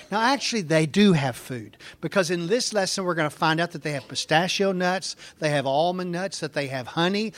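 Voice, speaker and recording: A man teaching a conversational Bible lesson, explaining in an informal way with fillers and restarts. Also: fairly high pitch.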